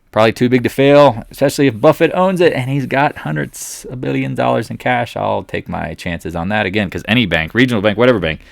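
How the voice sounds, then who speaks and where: A man's voice: mid-range voice, gravelly, a bit bright, no echo. Male market commentator, sarcastic chart talk, dry close sound. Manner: sarcastic, mutters asides to the charts.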